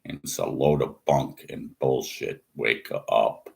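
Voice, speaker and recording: A man's voice: very deep voice, slow pace, creaky. A man ranting scornfully in a monologue, mocking and repeating himself. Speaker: atheist vlogger.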